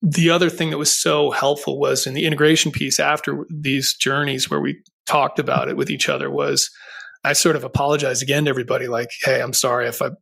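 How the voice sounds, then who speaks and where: A middle-aged man talks through a personal experience on a podcast, earnest and circling back on himself as he goes. His voice has a gravelly, creaky texture. It also sits a little higher than most men's. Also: flat delivery, brisk, a bit bright. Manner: earnest, rambling with restarts and filler. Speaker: podcast host. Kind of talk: conversational interview storytelling.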